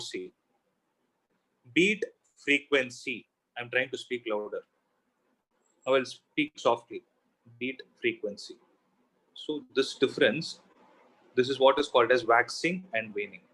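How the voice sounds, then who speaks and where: A man's voice: mid-range voice, unhurried, pauses often, a bit bright, rough recording. A man teaching a physics class, explaining step by step and asking himself questions as he goes. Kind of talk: classroom lecture.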